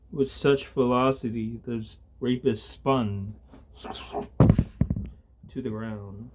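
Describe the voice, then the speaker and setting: A man reading a story aloud as narrator, at a deliberate pace. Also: mid-range voice, a little mellow.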